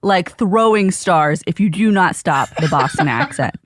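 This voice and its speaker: A woman's voice: fairly low pitch, expressive, a little slow, slight background noise. A woman co-hosting a comedic podcast, bluntly teasing the host.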